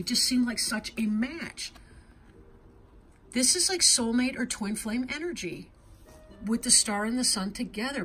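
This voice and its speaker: Woman tarot reader, slightly high voice, heartfelt and chatty delivery, soft background music. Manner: earnest, emotional, tag questions like "right?". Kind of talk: intuitive tarot reading.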